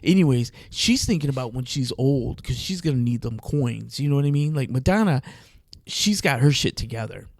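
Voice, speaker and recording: A man hosting a podcast, telling comic stories in an animated, jokey way, with big swings in pitch and loudness. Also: normal speed, vocal fry, dry recording, studio quality. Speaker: podcast host. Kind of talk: casual comedic chat.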